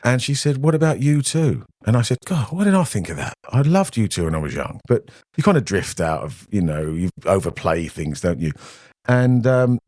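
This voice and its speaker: A man's voice: on the low side, big pitch swings, normal speed, a little mellow, no echo, studio quality. A British man, a podcast guest, telling rambling anecdotes in casual conversation and acting out the voices of people he quotes. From Britain. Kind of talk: casual storytelling.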